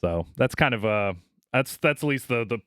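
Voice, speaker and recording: A man spins a long story with constant "like"s and swearing. His voice sits at an ordinary middle pitch. The sound is close and dry, with no room around it. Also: lively intonation, normal speed, a bit bright, smooth, no room sound. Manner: rambling, profane, many fillers like "like" and "you know". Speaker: podcast co-host. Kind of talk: casual storytelling chat.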